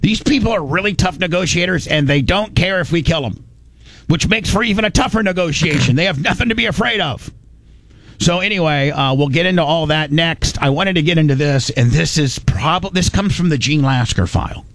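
Man, radio host, rambling, joking, self-correcting, fairly high voice, dry close sound. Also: a little fast, a bit bright, no room sound. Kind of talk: casual talk radio chat.

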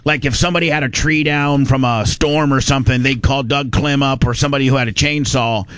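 A man's voice: medium pitch, steady tone, a little fast, fairly bright tone, clear, resonant tone, dry recording. A man from Indiana telling a rambling, folksy story in casual chat, slipping into voices for the people he quotes.

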